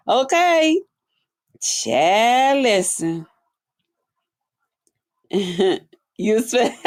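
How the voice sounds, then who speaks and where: Woman streamer, slightly high voice, unhurried, sassy and animated with comment replies. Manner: animated and sassy, swings between high exclamations and low asides. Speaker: livestream host reading comments. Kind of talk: casual livestream chat.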